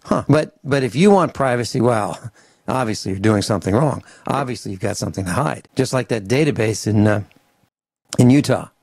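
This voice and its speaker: A male radio talk host with a gravelly, creaky voice launches into a grumbling, animated rant. He acts out short mock conversations between people. The studio mic sounds dry and close, with no room echo. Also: medium pitch, brisk. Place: home studio on a farm. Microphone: studio microphone.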